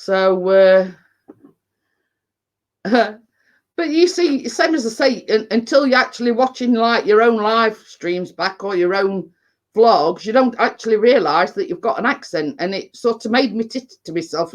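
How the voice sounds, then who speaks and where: A woman's voice: mid-range voice, animated, moderate pace. Blunt, rambling English woman vlogger. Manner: blunt, rambling, full of "you know what I mean". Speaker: baking vlogger. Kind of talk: casual live-stream chat.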